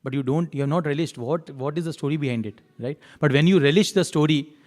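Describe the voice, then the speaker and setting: A man giving a devotional temple class, chanting verses and telling stories in an unhurried way, repeating his key lines. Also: fairly high pitch, a little mellow.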